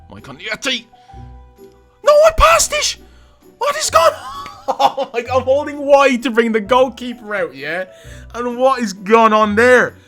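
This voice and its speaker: A young man calls his own football game match in a high, bright voice that leaps all over the place. He bursts into excited shouts and teasing banter as the play swings. Faint game music runs underneath. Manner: excitable, loud outbursts and banter. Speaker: gaming YouTuber. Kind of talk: live gameplay commentary.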